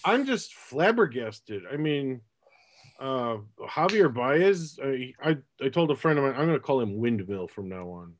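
A man hosting a casual sports podcast, talking in a rambling, halting way with lots of fillers. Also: mid-range voice, big pitch swings, a little hiss or hum. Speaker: podcast host.

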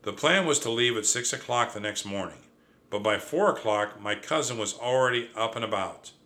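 A man reading a children's storybook aloud in a lively, expressive way. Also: mid-range voice, moderate pace. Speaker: audiobook narrator. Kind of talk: storybook narration.

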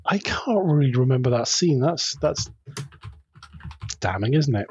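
A man's voice: medium pitch, big pitch swings, a little slow, lo-fi sound, slight background noise. A man co-hosting a podcast in casual chat, hesitant and full of fillers, laughing often. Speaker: podcast co-host.

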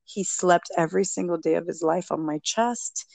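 Gravelly-voiced woman telling a story. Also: lowish voice, normal speed, no echo. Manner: animated, acts out quoted speech. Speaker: guest, author and mother. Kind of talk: casual storytelling interview.

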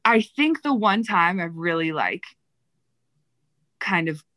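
A woman's voice: lowish voice, expressive, slow, sharp tone, dry recording. A woman telling backstage stories in a casual interview, chatty and full of fillers, getting emotional. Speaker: Broadway dresser.

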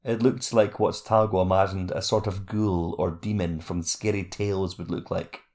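A man reads a fantasy novel aloud as its narrator. His voice sits a touch low and has a rough, gravelly texture. The reading is steady and measured, with even pacing throughout.

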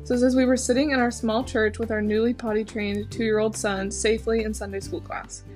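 A young woman hosts a casual video, reading funny stories aloud and reacting with giggles. Her voice is slightly high-pitched. Soft music plays faintly under her. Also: little pitch movement, fairly quick. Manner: giggly, reacts often with "oh my gosh". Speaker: host.

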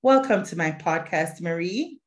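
Woman host with a lowish voice, measured and formal, introducing and interviewing a guest. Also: animated. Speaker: podcast host. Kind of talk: podcast interview, read introduction.

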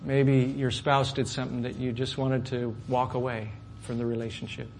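A middle-aged male pastor telling a personal story in a sermon, swinging from loud, animated outbursts to soft asides. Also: mid-range voice, normal speed, a little hiss or hum. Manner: animated storyteller, rising loud when acting out anger, dropping soft for asides.

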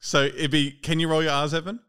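A man's voice: on the high side, level tone, a little fast, a loud crowd. A man hosting a podcast in casual chat, chatty and laughing often, swearing freely. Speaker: podcast host.

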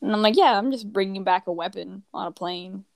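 A woman's voice: medium pitch, fairly quick, gravelly, a little mellow, dry recording. A teenage girl from the United States telling casual travel stories, rambling and leaning on "like" while acting out what people said. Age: teens. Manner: rambling, heavy use of "like", acts out quoted people. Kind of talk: casual chat.

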